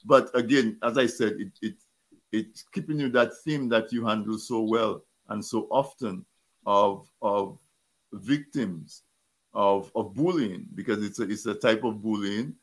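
A man hosting an interview, speaking haltingly and often repeating words and restarting as he frames his questions. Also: on the low side. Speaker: interview host. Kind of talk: interview talk.

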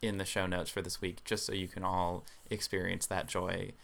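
Male podcast co-host, low gravelly voice with a crisp edge, casual storyteller, leans on filler ums. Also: flat delivery, normal speed, a bit bright. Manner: explanatory, many filler ums.

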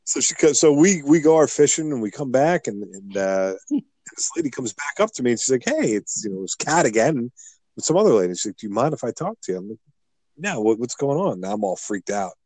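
A man's voice: mid-range voice, fast, slightly rough, dry recording, poor audio. Dry-miked middle-aged man telling a story. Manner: rambling, animated storyteller with restarts. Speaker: podcast co-host. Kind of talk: casual storytelling chat.

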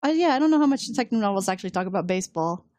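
A woman's voice: medium pitch, a loud crowd. A woman co-hosting a podcast in casual chat, acting out quotes in playful voices. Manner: lively, quick, acts out quotes in silly voices. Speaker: podcast co-host.

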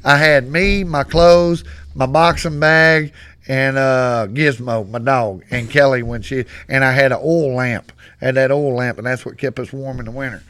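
A man's voice: mid-range voice, fairly even intonation, moderate pace, fairly bright tone, clean tone. A man from west Texas with a West Texas accent, telling bawdy, rambling stories on a podcast and laughing often. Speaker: podcast guest. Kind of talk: casual storytelling.

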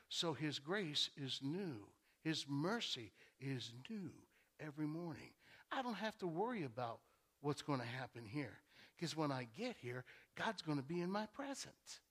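A man's voice: on the high side, fairly bright tone. A male pastor preaching a sermon in a church, talking conversationally and repeating key phrases for emphasis.

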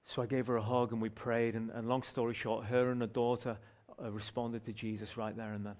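A man, a street pastor telling a story from the pulpit in an animated way, often restarting his phrases. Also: mid-range voice, a little fast. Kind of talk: sermon testimony storytelling.

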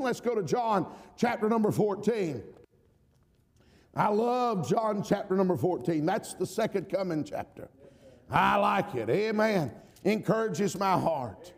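A middle-aged man from the US South with a Southern drawl, preaching a sermon, emphatic, often calling out amen and swinging between shouts and quiet asides. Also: sits high, vocal fry, in a large hall. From Georgia, US South.

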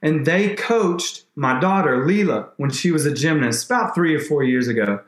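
A man, a podcast guest, telling an emotional faith story in a rambling, animated way with many restarts. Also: on the high side, moderate pace, roomy sound.

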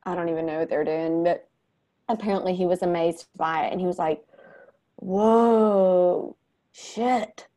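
A woman's voice: lowish voice, fast talker. A woman, chatting casually and telling funny family stories. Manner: chatty storyteller, animated when quoting. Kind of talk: casual chat.

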